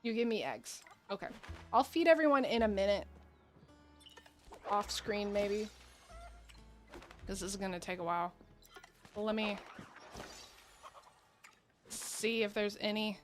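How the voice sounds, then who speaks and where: A woman streams a game with casual, rambling commentary, laughing often and talking to her audience. Her mid-range voice is a little slow with frequent pauses, and soft music plays behind.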